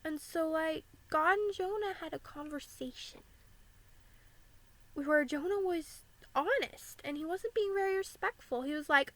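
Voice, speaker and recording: A woman's voice: high-pitched, a little slow, fairly bright tone, rough recording. A young American woman vlogging candidly about living with anxiety, saying "like" often. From United States. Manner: candid and earnest, frequent "like" fillers.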